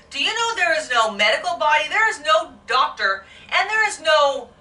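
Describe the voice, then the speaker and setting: A woman's voice: sits high, reverberant, far from the mic, low-quality recording. A woman vlogger in an angry, emotional, unedited rant to her viewers. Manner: heated, emotional, animated rant.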